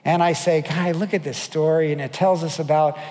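A man preaching a sermon from the pulpit, his voice sitting high for a man. A long reverb from a large hall trails after every phrase. He tells stories, acts out what people said, and keeps turning to the audience with questions. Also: fairly even intonation, brisk, a little mellow. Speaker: pastor.

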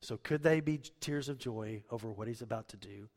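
A man's voice: medium pitch, brisk. Impassioned male preacher in a reverberant hall. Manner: impassioned preaching, swinging from loud emphasis to hushed tones. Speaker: pastor. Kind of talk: sermon.

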